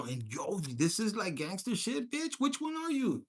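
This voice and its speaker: A man doing a casual tarot reading to camera. He is crude and profane, jokes constantly, drops Spanish slang into his English and slips into quick mock voices of his listeners. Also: sits high, wildly swooping pitch, breathy edge. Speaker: tarot reader.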